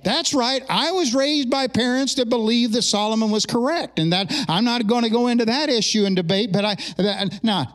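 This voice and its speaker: High-voiced middle-aged male pastor preaching. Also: brisk, hardly any pauses. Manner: animated, conversational preaching with humorous asides. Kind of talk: sermon with opening prayer. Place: church sanctuary during a service.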